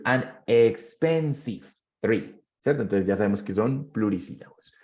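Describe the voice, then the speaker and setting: A man's voice: on the low side, fast talker, warm tone, muffled recording. Man teaching English in a voice. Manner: switches between English and Spanish, quizzes students. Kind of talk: bilingual classroom lesson.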